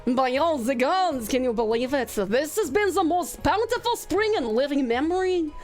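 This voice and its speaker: A woman's voice: high voice, animated, normal speed, a little mellow, faint music behind. Woman putting on a jubilant mock-French villager. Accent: mock French drifting to Russian. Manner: grand, proclaiming.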